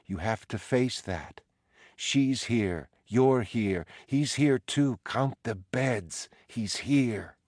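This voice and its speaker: Man doing a ghostly dead wife, soft, hushed, pleading, dry close sound. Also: mid-range voice, animated, drawn-out words, no echo, pitched above the performer's own voice. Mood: haunting. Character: ghostly dead wife, woman, haunting and insistent.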